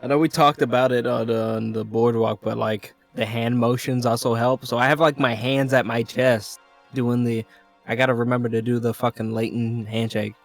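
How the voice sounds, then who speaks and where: A man's voice: mid-range voice, little pitch movement, normal speed, vocal fry, soft background music. A man playing a tabletop roleplay with friends, chatting loosely and laughing often. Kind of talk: casual in-character chat.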